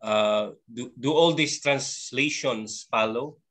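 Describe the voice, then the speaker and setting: A male student asks his teacher questions, hesitant and restarting as he looks for the words. He talks slowly, and his voice has a bright, forward edge. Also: medium pitch.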